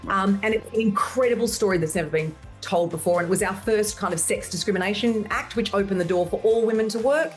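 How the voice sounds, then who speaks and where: An Australian actress chatting as an interview guest, animated and talkative, with emphatic asides. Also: female voice, medium pitch, fast talker, few pauses, soft background music. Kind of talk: casual interview chat.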